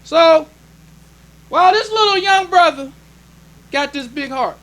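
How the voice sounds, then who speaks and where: A man's voice: very high-pitched, animated, unhurried, a bit bright. A man preaching a sermon as minister, emphatic and plainspoken, repeating his points. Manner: plainspoken, conversational delivery.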